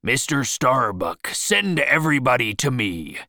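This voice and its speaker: Captain Ahab, a man shouting as an obsessed old sea captain. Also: lowish voice, huge pitch swings, vocal fry, no echo, clean studio sound, heavily acted. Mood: commanding. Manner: shouting, drawn-out, fervent.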